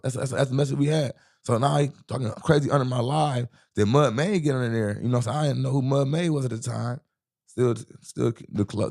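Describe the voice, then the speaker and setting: A man's voice: mid-range voice, vocal fry, a little mellow. A young man from the US Midwest, a rapper guest in an interview, telling a rambling, profane street story and often asking "you know what I'm saying".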